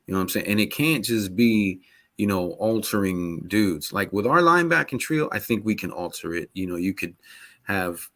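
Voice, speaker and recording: Low-voiced profane podcast co-host. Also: male voice, lively intonation, normal speed, fairly bright tone. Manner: loose, profane, rambling with constant asides. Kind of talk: casual sports podcast chat.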